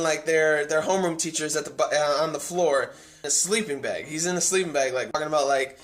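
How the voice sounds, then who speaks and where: A man's voice: on the high side, fairly bright tone. A man giving a casual, enthusiastic recap of an anime episode, rambling with lots of fillers and restarts. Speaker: anime reviewer.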